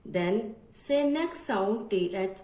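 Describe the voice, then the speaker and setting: Slow, lively woman teaching phonics. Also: mid-range voice, roomy sound, low-quality recording. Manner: slow, spells words letter by letter; repetitive, instructive drill. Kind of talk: phonics lesson for children.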